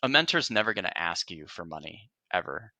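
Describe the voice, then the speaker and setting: A man with a very deep voice that still sounds bright and forceful. He speaks earnestly and reflectively as a podcast guest, often restarting his sentences. The sound is dry and close to the mic. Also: very animated, fairly quick, no echo. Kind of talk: casual interview conversation.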